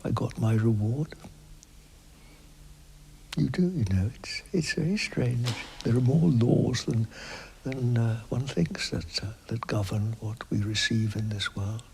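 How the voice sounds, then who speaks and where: Soft-spoken older man with gravelly tones. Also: medium pitch, slight background noise. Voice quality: soft, partly whispered, halting. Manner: reflective, hesitant with many fillers. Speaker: interviewee. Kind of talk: unhurried spiritual interview talk.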